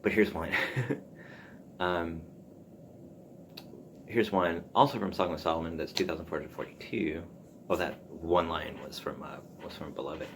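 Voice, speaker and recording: Very low-voiced gravelly man musing. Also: fairly even intonation, slight background noise. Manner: musing, halting, with frequent ums and restarts. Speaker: podcast host. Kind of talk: casual solo talk on writing.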